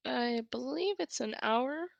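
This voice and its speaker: A woman's voice: high voice, lively intonation, measured pace, vocal fry, no echo, highs cut off. A woman playing in a tabletop game, making brief, matter-of-fact remarks. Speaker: player. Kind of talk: casual chat during a tabletop game.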